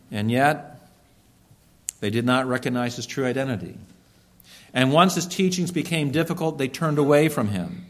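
Man preaching an earnest sermon. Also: fairly high pitch. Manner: earnest, emphatic preaching with slowed stresses. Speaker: pastor.

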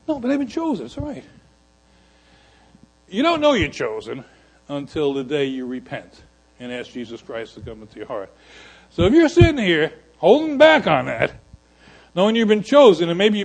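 A man preaching a sermon to his church, moving between loud emphatic lines and quiet asides. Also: on the high side, low-quality recording. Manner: animated preaching with sudden drops to quiet asides. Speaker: pastor.

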